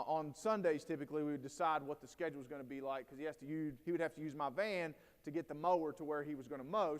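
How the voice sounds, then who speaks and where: A man in his forties speaks at a teacher training day, his voice pitched high for a man. He tells family stories and acts out the quotes with animation. His words ring out with a long reverb in a large hall. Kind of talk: conference talk to educators.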